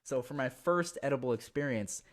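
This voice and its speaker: A young man tells a story in a relaxed conversation. He is animated and laughs as he goes, slipping into quoted voices of himself and others. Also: mid-range voice, moderate pace, faint music behind. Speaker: guest. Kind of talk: casual storytelling.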